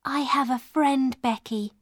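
A woman voicing a gentle, hopeful young girl, speaking softly and slowly, often near a whisper. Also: sits high, no room sound, clean studio sound. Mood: tender. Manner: soft, slow, often hushed.

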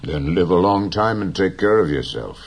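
A man voicing a gentle, dignified old fisherman in an audiobook reading, slow and measured. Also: sits low, lively intonation.

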